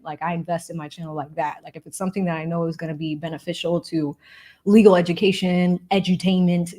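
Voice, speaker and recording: A bubbly woman hosts a casual livestream, reading out donations and chatting about a court case. Her voice sits at an ordinary middle pitch, and she talks in an animated, friendly way, with frequent laughs between thank-yous. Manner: thanks supporters warmly, explains legal points. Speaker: legal commentary livestream host.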